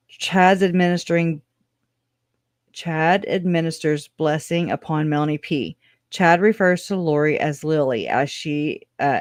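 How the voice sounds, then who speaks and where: A woman's voice: low-pitched, dry recording, studio quality. A woman hosting a true-crime livestream, reading case notes aloud in a casual, chatty way with sarcastic asides and slang. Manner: chatty and sarcastic, with frequent laughs; informal slang, says y'all.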